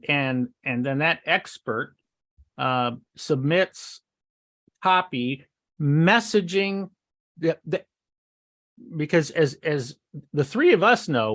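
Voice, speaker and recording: Guy cohosting a podcast, kinda high voice, rambles and restarts a lot. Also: a bit bright. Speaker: podcast co-host. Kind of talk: casual chat.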